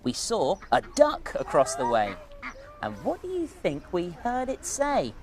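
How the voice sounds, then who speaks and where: A woman presenting a children's TV show, narrating in a gentle sing-song and praising the children by name. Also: fairly low pitch, huge pitch swings, a little slow.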